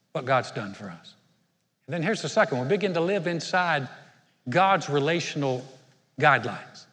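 Male pastor, fairly high voice, chatty sermon, long hall reverb. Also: a bit bright. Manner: conversational, self-deprecating humor with the congregation. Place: church sanctuary.

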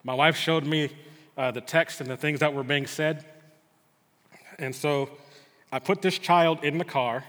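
A man's voice: fairly high pitch, steady tone, a little slow, pauses often, fairly bright tone. A middle-aged man preaching a sermon in a church, telling a personal story in an earnest way with frequent stammered restarts. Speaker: pastor. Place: church sanctuary. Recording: long hall reverb.

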